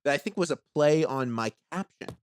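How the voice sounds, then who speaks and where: Lively comedian guest, man. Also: on the high side. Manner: animated, quick to laugh. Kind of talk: casual comedy chat.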